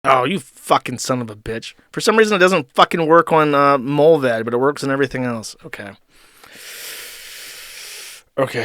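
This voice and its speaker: A man's voice: mid-range voice, a bit bright, no echo. A man hosting a live stream, giving casual, rambling and profane commentary into a close microphone. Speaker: streamer host.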